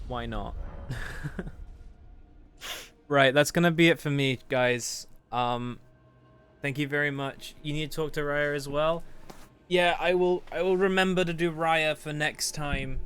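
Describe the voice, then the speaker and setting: Excitable young man streaming a game. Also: smooth. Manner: excitable, voice jumps high and loud when tense; rambling, chatty sign-off to chat. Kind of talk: live gameplay commentary.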